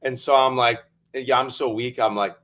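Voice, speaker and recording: A middle-aged man co-hosting a casual talk show. He tells a family story with energy, slipping into the voices of his kids and family. His voice sits at a middle pitch. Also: steady tone, moderate pace, a bit bright. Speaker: co-host. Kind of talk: casual chat.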